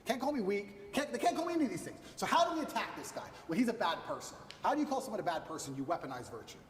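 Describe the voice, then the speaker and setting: A man's voice: high-pitched, big pitch swings, rapid-fire, roomy sound, long reverb tail, recorded from a distance, slight background noise. A man giving an interview, boastful and emphatic, hammering his points in short repeated lists. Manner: emphatic, repetitive punchy lists. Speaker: interview guest.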